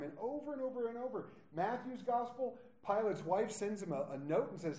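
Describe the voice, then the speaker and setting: A man's voice: high voice, brisk, few pauses, echoey room. A man preaching a sermon, retelling scripture and voicing its characters with growing intensity. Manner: prays softly, then preaches with rising intensity, acting out quoted lines. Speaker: pastor.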